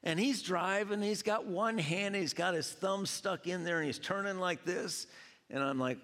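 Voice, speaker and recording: A man from Georgia preaching a sermon, telling animated stories and acting out quoted voices. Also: high voice, moderate pace. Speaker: pastor. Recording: long hall reverb.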